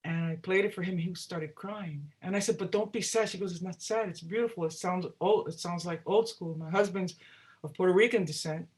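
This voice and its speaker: A woman's voice: fairly low pitch, fairly quick. A woman singer-songwriter speaks as an interview guest and tells her stories with energy. She acts out the voices of the people she quotes as she goes. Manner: animated, acts out quoted dialogue. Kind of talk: storytelling in a casual interview.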